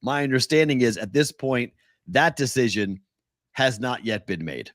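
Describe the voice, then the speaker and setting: A man co-hosting a sports betting podcast in casual talk, animated and laughing often, sometimes mimicking whiny voices. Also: mid-range voice, normal speed, no echo, clean studio sound.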